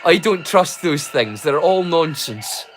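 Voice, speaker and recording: A Scottish man hosts a livestream while drunk, rambling on, swearing casually and putting himself down. His voice sits on the high side and is expressive, and he speaks slowly.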